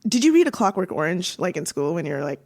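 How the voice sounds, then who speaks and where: A woman co-hosting a podcast, telling stories in a chatty, animated way, full of "like" and restarts. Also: on the low side, fast talker, vocal fry. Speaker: podcast co-host. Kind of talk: casual conversational podcast chat.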